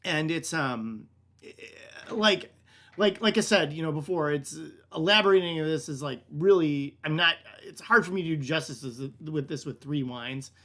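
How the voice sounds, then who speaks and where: Chill dude running a wine class online, tons of likes and ums, talks all loose and rambly. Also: male voice, a little high, normal speed, bright, forceful tone. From United States. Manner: rambling and filler-heavy, lots of "like", "kinda" and "um"; laid-back, calls listeners "man". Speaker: wine shop director hosting a tasting class. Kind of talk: casual live online wine lesson.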